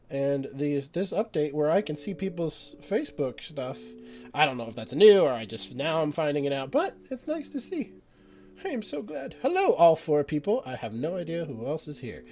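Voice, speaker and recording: A man's voice: a little high, big pitch swings, normal speed, dark tone, slight background noise. A young man hosting a live painting stream, rambling and self-doubting as he chats with viewers. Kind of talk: casual live-stream chat while painting.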